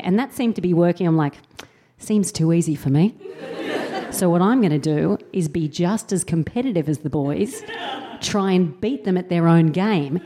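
A woman's voice: on the low side, a little mellow. A woman around forty, a comedian and co-host, telling a wry, self-mocking comic story to a live audience and acting out quotes in mock voices.

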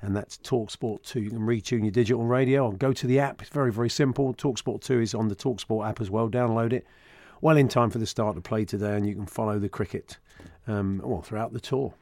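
A man's voice: fairly low pitch, fairly even intonation, brisk, hardly any pauses, a little mellow, no room sound. A man hosting a sports talk radio show, chatting casually with frequent fillers into a studio microphone.

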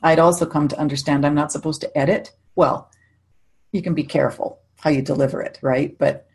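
Low husky woman telling stories. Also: fairly even intonation, brisk, darkish tone. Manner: chatty storyteller, laughs often, frequent restarts. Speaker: psychic medium guest. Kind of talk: casual conversation.

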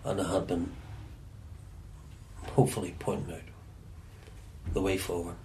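A Northern Irish man with a very low voice recalls his past in an unhurried interview. He often halts and repeats words as he feels his way. Faint noise sits under his speech. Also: level tone, mellow. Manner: halting, repeats words as he searches for them. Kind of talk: reflective storytelling.

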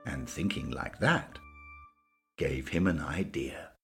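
A man narrating a children's-style story in a lively, sing-song storytelling manner. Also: very deep voice, takes it slowly, vocal fry, faint music behind.

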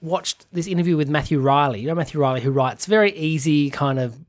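A man guests on a podcast, rambling through his thoughts with easy enthusiasm. His voice is slightly high for a man. The talk is loose and conversational. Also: fast. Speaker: comedian guest. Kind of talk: casual chat.

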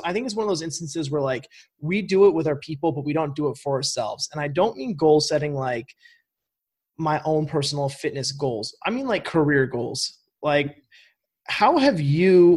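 A young man from Vermont talks loosely as a podcast host. His voice sits a bit high, and he rambles through fillers and restarts in easy, casual chat. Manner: rambling, filler-heavy, laughs easily.

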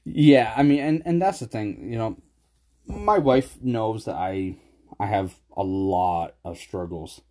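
A man with a lowish, mellow voice talks casually with a friend. He tells stories with animation and keeps breaking into laughter. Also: slow. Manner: laughs often, animated storytelling. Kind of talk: casual chat.

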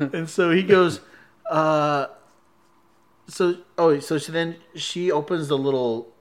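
A man in a casual chat, telling a story in an animated way, laughing often and acting out quoted lines. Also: on the high side, slow pace.

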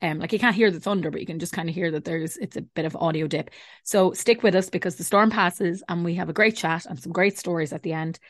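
Young Irish woman host, chatty and rambling, low-set voice, dry close recording. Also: fast, dry recording. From Ireland. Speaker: podcast host. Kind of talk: casual podcast intro and chat.

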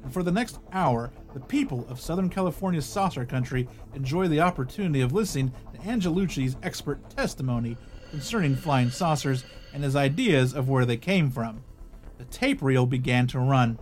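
A man's voice: mid-range voice, animated, a little fast, darkish tone. A man hosting a podcast, reading an article aloud and breaking in with casual asides and small restarts. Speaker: podcast host.

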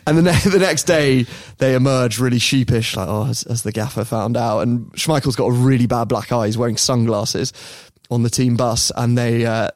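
A man hosting a podcast, telling a story in a lively casual way and often laughing. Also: medium pitch, normal speed, hardly any pauses, dry recording, studio quality. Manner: lively, laughs often, mimics people in quotes.

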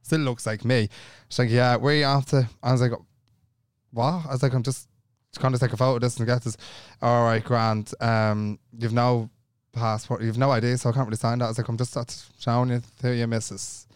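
A young Irish man spinning a story in a casual podcast chat, quick and animated as he acts out each person in it. His voice is smooth and clear, recorded close and dry. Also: mid-range voice, dry recording. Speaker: podcast co-host.

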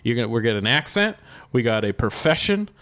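A man's voice: mid-range voice, very animated, quick pace, fairly bright tone. A man co-hosting a comedy podcast, introducing a game segment in a playful, upbeat way. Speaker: podcast co-host. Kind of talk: casual comedy podcast banter.

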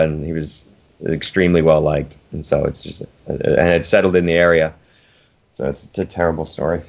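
Deep voiced ex-player guy talking slow and earnest, dull lo-fi audio. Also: fairly even intonation, vocal fry, a little mellow. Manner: measured, earnest. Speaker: guest, former footballer. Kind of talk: casual conversation. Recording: dull lo-fi sound.

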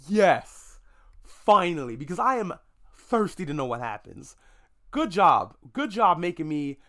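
A man in a casual podcast monologue, his voice sitting a little high and leaping around in pitch as he rants. He talks with mock outrage and swears freely, throwing in sarcastic asides. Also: fairly bright tone. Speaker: podcast host. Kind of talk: casual movie review monologue.

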